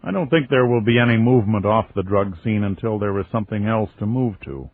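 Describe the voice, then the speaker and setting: A man voicing a soft-spoken, patient country man with a rural American accent, talking calmly and a little cryptically. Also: on the low side, brisk. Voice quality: soft, quiet. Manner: patient, cryptic, politely calm. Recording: tinny lo-fi phone-like audio.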